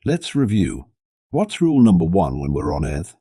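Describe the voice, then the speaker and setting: Man doing a long-suffering human teacher for an audio story, very deep voice, dry close sound. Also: huge pitch swings, moderate pace, warm tone, dry recording, exaggerated voice. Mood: patient.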